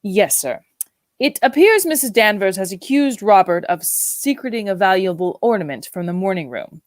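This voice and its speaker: A woman's voice: medium pitch, expressive, normal speed, no echo, studio quality, lightly acted. A woman reading the part of a stiff, solemn male butler who speaks in a formal, deferential way.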